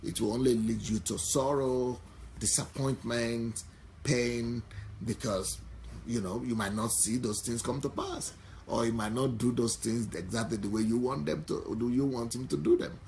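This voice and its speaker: A man's voice: mid-range voice, fairly even intonation, moderate pace, darkish tone, a little hiss or hum. A man giving marriage advice to wives in an earnest, instructive talk, often repeating and rephrasing his points between fillers.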